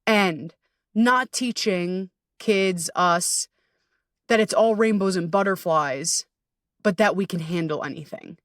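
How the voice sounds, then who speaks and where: A woman's voice: on the low side, takes it slowly, no echo, clean studio sound, distant mic. A woman hosting a podcast as a coach, talking candidly and self-deprecatingly, swearing freely and laughing often.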